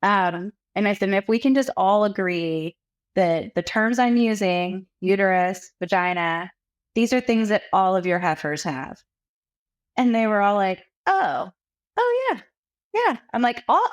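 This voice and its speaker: A woman's voice: medium pitch, normal speed. A woman from South Texas, a women's health founder, telling stories in a casual interview, acting out quotes and laughing often. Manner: animated storyteller, acts out quotes with laughter.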